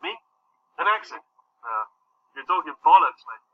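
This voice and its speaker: A posh stammering British heir. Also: male voice, fairly high pitch, sing-song, normal speed, breathy edge, exaggerated voice. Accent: British English. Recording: dull lo-fi film audio.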